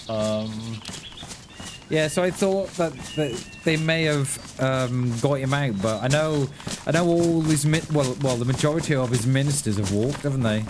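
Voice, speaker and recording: A man's voice: mid-range voice, lively intonation, normal speed, background noise. A man chatting casually while live-streaming a survival game, thinking aloud with lots of restarts and little chuckles.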